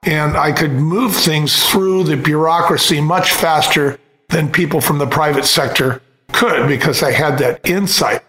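Unhurried man in a roomy-sounding room. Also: a little high. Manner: unhurried, steady recounting with frequent "uh" pauses. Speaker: wine company co-founder, guest. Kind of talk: casual interview storytelling. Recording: roomy echo on the voice.

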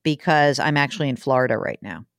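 A woman in her fifties hosting a finance podcast, chatting in a casual, quick way with asides and laughs. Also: very deep voice, animated, dry recording, studio quality. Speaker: podcast host. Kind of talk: casual chat.

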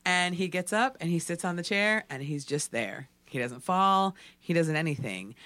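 A man casually telling a story, animated and full of fillers like "like". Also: a little high, moderate pace, hardly any pauses, clean tone, no room sound. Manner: animated, filler-heavy with frequent "like".

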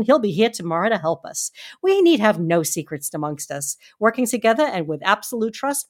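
A woman reading the lines of a brave, earnest young Victorian wife in her own voice. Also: medium pitch. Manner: earnest reading, lively intonation.

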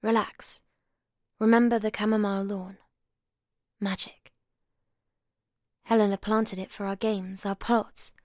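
Earnest young man in a storybook reading, voiced by a female narrator; coaxing, hushed, then bitter; dry close sound. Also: medium pitch, flat delivery, unhurried, long pauses, dry recording, close to an everyday voice. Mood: coaxing intimate.

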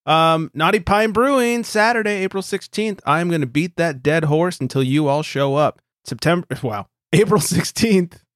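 A man's voice: on the high side, normal speed, hardly any pauses, a bit bright, no room sound, studio quality. A man co-hosting a casual podcast, teasing and laughing often while plugging an event. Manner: laughs a lot, goofy and teasing. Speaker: podcast co-host. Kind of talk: casual chat.

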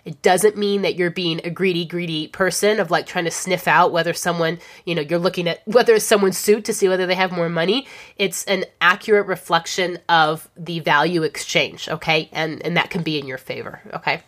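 A woman giving a casual spoken lesson to creative freelancers, chatty and conversational, with many fillers and restarts, often checking in with a quick "okay?". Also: on the low side, steady tone, a bit bright. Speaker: instructor on pricing for creative freelancers.

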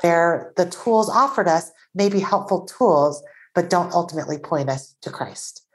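A Taiwanese-born woman, an author and podcast guest, talking earnestly in an animated conversational way. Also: on the low side, moderate pace, low-quality recording.

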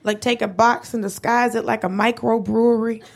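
Gravelly woman doing stand-up. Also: fairly high pitch, fairly even intonation, moderate pace. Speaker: stand-up comic. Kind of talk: live stand-up set. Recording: noisy live stage recording.

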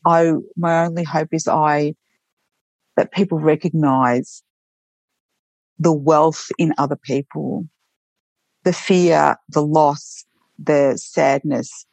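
Earnest nurse with a slightly gravelly voice. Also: female voice, deep voice, a little mellow, no echo. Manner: earnest, heartfelt, with frequent restarts. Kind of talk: reflective storytelling interview.

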